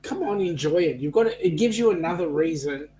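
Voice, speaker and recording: A man's voice: on the high side, expressive, brisk, warm tone, slight background noise, poor audio. An Australian man chatting breezily and chummily in a casual group video chat.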